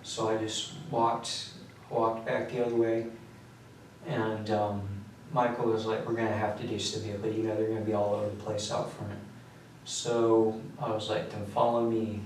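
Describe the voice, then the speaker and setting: A young man speaks low and nearly monotone, halting and detached, with frequent pauses and fillers. He sounds far from the microphone in an echoey interview room. A faint hiss sits under the whole recording. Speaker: suspect giving a police confession.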